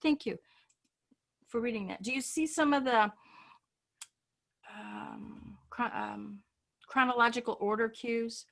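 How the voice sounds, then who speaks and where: A woman's voice: a little high, slow pace, vocal fry, pauses often, fairly bright tone. Chatty woman teaching an online class. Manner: chatty, informal, trails off and restarts.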